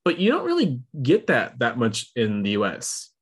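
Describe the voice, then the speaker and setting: A man co-hosting a casual podcast chat, talking in a relaxed way with lots of fillers. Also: medium pitch, moderate pace, husky. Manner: relaxed, filler-heavy talk. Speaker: podcast co-host.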